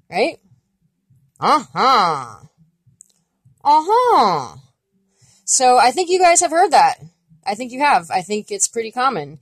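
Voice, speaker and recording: A woman giving a relaxed, chatty online language lesson, often pausing on fillers and demonstrating sounds. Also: medium pitch, dry recording. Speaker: language teacher.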